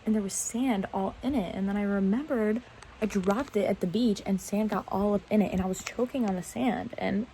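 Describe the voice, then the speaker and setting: A woman's voice: medium pitch, brisk, mellow, slight background noise, low-quality recording. A young woman chatting casually into her phone camera in bed at night, rambling and laughing at herself. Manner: rambling, self-mocking, giggly. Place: bedroom at night.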